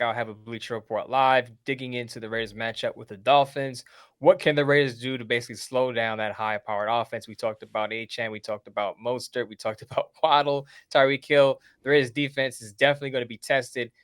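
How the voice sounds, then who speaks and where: A man's voice: mid-range voice, a bit bright, no echo, studio quality. A man appearing as a sports writer guest, talking casually and laying out his points in methodical lists. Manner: methodical, lays out lists of teams and plans.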